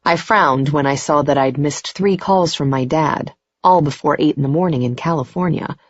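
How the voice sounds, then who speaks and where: A woman's voice: low-pitched, moderate pace, no echo, highs cut off. A woman narrating a first-person romance audiobook in an intimate, emotional way. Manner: intimate, emotional, rising to tearful in dialogue.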